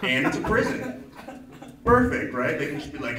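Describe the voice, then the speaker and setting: A man's voice: a little high, very animated, normal speed. A man rambles through an open-mic stand-up set, offhand and self-deprecating. His voice comes from a distance in an echoey club, with a crowd laughing around him. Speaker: stand-up comedian. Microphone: stage mic recorded from far off. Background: audience laughter.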